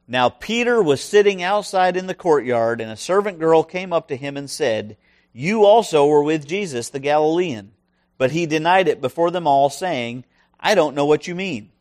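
A man's voice: a little high, animated, moderate pace. A man preaching a sermon who reads a scripture passage aloud and then explains it, stressing his points and checking in with the listeners. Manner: emphatic, asks the listeners questions.

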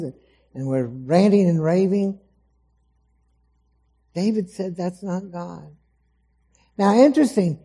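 A man preaching a sermon to a congregation, dramatic, acting out the voices he quotes and swinging between loud emphasis and soft, low asides. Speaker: pastor. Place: church hall before a congregation.

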